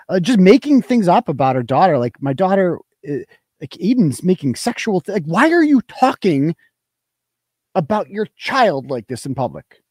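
A man's voice: fairly high pitch, darkish tone, no room sound, studio quality. A man hosting a live-stream commentary, ranting in a combative, profane way. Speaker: host.

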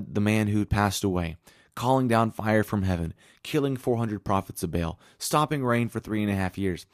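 Guy with a really low voice preaching, earnest and chatty, reads bible verses, dry close sound. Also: no room sound. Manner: earnest, conversational, reads scripture aloud. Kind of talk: sermon with scripture reading.

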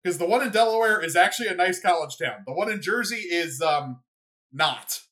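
A young adult podcast host in a casual solo rant, rambling and excitable, with lots of "like" and "you know". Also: medium pitch, fairly quick. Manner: rambling, filler-heavy, excitable.

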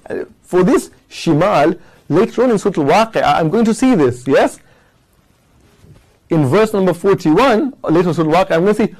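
Man, fairly high voice, patient lecture, checks in with "yes?". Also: a little mellow, poor audio. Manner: recites Arabic verses slowly. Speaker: Quran teacher. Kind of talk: explanatory class lecture.

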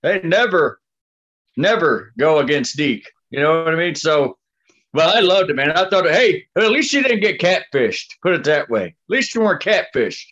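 Male podcast co-host, relaxed, slightly high voice, dull lo-fi sound. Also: moderate pace. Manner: relaxed, keeps saying "man" and "you know what I mean". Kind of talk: casual chat. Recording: dull lo-fi audio.

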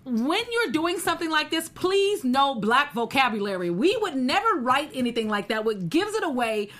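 Woman co-host, earnest and emphatic, a bit high-pitched. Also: very animated, moderate pace, fairly bright tone. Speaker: podcast co-host. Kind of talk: casual opinion talk.

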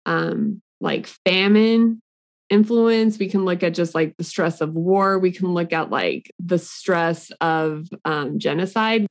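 A woman's voice: on the low side, expressive, slow pace. A woman co-hosting a podcast, explaining ideas earnestly with casual "like" fillers. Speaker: podcast co-host. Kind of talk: casual chat.

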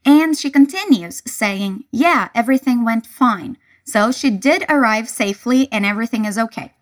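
A woman teaching English pronunciation, speaking clearly and deliberately and breaking phrases into single words for the listener to repeat. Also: a little high, animated. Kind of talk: slow repeat-after-me pronunciation lesson.

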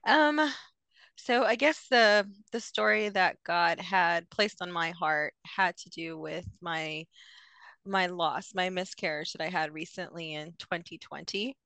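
A woman's voice: lowish voice, a little slow, bright, forceful tone, no room sound. Young woman guest, hesitant storyteller, dry close sound. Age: young adult. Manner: hesitant, many fillers and restarts. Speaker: podcast guest. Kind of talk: personal story in an interview.

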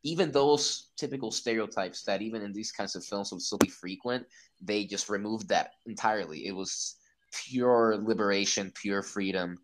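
Excitable man with a low voice. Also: moderate pace, a little hiss or hum, poor audio. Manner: excited, swearing, acts out his own reactions. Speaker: podcast guest. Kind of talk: casual podcast chat.

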